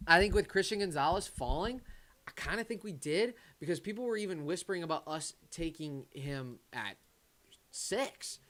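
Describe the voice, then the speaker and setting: A man hosting a casual live-stream watch party, reading viewer comments aloud and reacting. He is excitable and swings between loud bursts and low muttering. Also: a little fast. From Detroit area. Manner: excitable, talks to chat and his pet, swings from loud to muttering.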